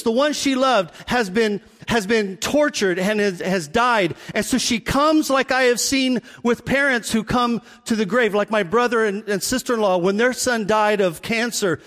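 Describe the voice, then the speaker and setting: A man preaching a sermon, telling the story in an animated way and acting out the people in it. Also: very high voice. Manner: animated storytelling, acts out voices. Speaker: pastor. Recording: long hall reverb.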